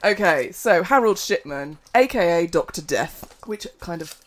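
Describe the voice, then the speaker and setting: A hoarse woman with a sore throat, co-hosting a casual true-crime podcast in a chatty, giggly way. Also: fairly low pitch, animated, unhurried, a little hiss or hum. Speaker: podcast co-host.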